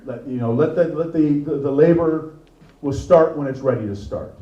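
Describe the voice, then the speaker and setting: Middle-aged male comic, lively crowd-teasing delivery; slightly high voice, distant in an echoey venue. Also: moderate pace, lo-fi sound. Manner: animated, jokey, teasing the crowd. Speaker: stand-up comedian. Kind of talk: stand-up comedy set. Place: comedy venue with live audience. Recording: echoey room, mic far off.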